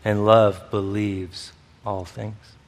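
A man's voice: fairly low pitch, flat delivery, slow. Male preacher in an echoing hall. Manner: storytelling, acts out quoted voices, laughs often. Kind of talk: sermon. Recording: long hall reverb.

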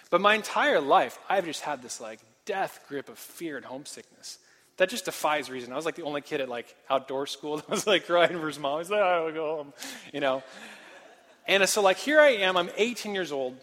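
A young man from Portland, Oregon, telling a personal story in a casual, self-deprecating sermon style. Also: a little high. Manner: animated, self-deprecating, casual filler-heavy. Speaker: speaker. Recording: long hall reverb.

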